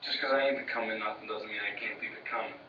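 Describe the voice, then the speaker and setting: A man's voice: on the low side, fairly even intonation, fast talker, lo-fi sound, very noisy. A man with a Brooklyn New York accent, bantering casually with his brother as co-host, full of stammered restarts and blunt street talk.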